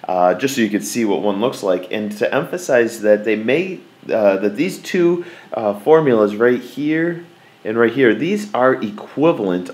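Low-voiced man teaching math. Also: a little mellow. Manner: folksy, repeats key words for emphasis. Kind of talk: classroom lecture.

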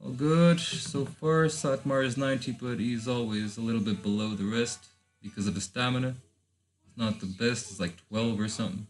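A man from Lisbon, a native Portuguese speaker, giving casual let's-play commentary in English, thinking aloud with rambling asides and bursts of excitement. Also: mid-range voice, moderate pace, soft background music. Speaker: gaming channel host.

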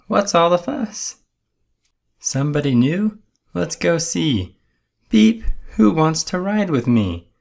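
A man voicing a friendly little blue truck in a storybook read-aloud, bright and welcoming. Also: a little high, sing-song, slow pace, gravelly, voice pushed up, full character voice. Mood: cheerful. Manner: sunny and welcoming.

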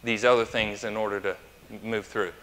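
Bright-voiced male pastor in reverberant church. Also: on the low side, flat delivery, a little fast. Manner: chatty and anecdotal, asking the congregation questions. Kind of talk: conversational sermon. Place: church sanctuary.

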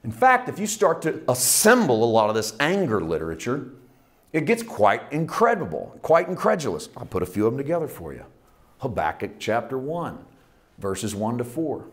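A man's voice: mid-range voice, huge pitch swings, normal speed. Man preaching with big dramatic swings. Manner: dramatic swings from hushed to loud; reads scripture aloud with rising intensity. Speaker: pastor. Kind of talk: sermon.

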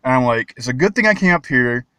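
A man vlogging excitedly about toy finds at a mall, talking slowly but leaping into high squeals and baby talk. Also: clean tone, no echo. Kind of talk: excited casual vlog. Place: shopping mall.

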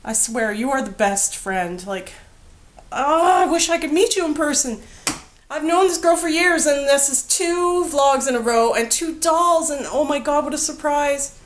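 A woman's voice: sits high, unhurried. Gushing, teary woman doll vlogger. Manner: gushing, emotional, chatty. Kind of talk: casual doll review vlog.

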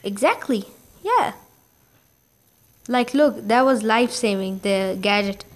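A woman giving casual gameplay commentary, reacting excitably with quick exclamations. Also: mid-range voice.

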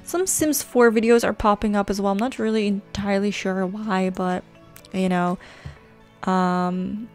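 A woman's voice: mid-range voice, fairly even intonation, a little slow, faint music behind. A woman hosting a casual screen-recorded tutorial, chatty and rambling with a self-teasing manner, talking into a desk microphone. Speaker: gaming channel host.

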